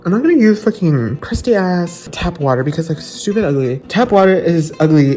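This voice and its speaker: A woman hosting a comedic cooking vlog in a crude, profane and playful way, often talking half-hushed. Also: lowish voice, expressive, fairly quick, few pauses. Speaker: vlogger.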